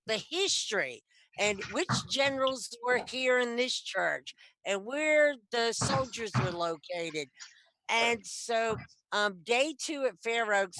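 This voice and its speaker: A middle-aged woman, a metal detectorist guest on a video call, telling stories in a lively, chatty way. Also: on the high side. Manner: animated, chatty, acts out quoted lines. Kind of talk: casual storytelling. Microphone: computer mic on video call.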